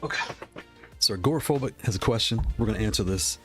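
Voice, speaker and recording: Guy from the northeast chatting on stream, lowish voice, gets hyped, faint music under it. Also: fast. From Northeast United States. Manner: excitable, thinks aloud, reads chat. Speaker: streamer reviewing game controllers. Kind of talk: casual live-stream chat.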